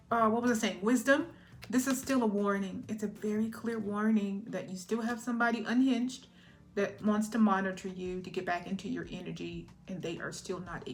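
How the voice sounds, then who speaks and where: A woman giving a collective tarot reading in a chatty, emotional way, often laughing and checking in with "all right?". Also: medium pitch. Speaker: tarot reader.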